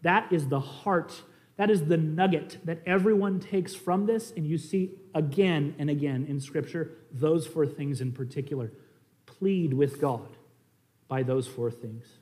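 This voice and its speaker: A man preaching a sermon as a pastor, impassioned, rising to loud emphasis and dropping to quiet pleading. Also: fairly high pitch, unhurried.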